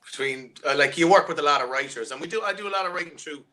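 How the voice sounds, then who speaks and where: An Irish-accented male musician rambles through a casual interview over a video call, restarting often and leaning on fillers. His voice sits on the high side and he speaks very fast, with crowd noise in the background.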